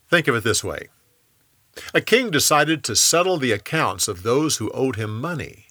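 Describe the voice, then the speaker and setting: A man narrating a scripted story in a lively, expressive way. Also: mid-range voice, normal speed, no room sound, studio quality.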